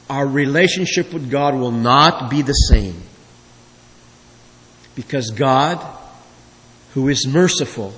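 A man's voice: a little high, a bit bright. A man preaching a sermon as pastor, emphatic, with his voice swelling and dropping. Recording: long reverb of a large hall.

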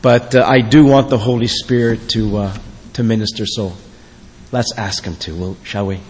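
A man's voice: lowish voice, steady tone, normal speed, slightly rough. A middle-aged man preaches as a guest, telling stories with fillers and praying earnestly. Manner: warm storytelling with fillers, turning quiet and earnest in prayer. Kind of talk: sermon. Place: church sanctuary. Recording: long reverb in a church hall.

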